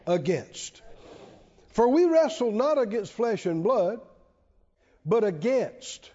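High, mellow preacher in a reverberant hall. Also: male voice, sing-song, slow pace. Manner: emphatic, repetitive, asks the congregation questions. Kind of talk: sermon. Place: church. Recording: dull, lo-fi church hall reverb.

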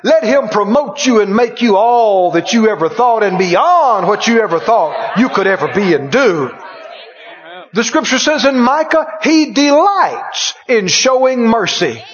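A man preaching a sermon with exuberant energy, breaking into shouted exclamations. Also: high-pitched, very animated, a little slow. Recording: dull lo-fi sound.

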